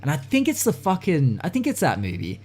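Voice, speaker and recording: A man in casual podcast chat, talking in an animated way, swearing freely and acting out tough-guy voices. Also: on the high side, fairly quick. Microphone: studio podcast mic.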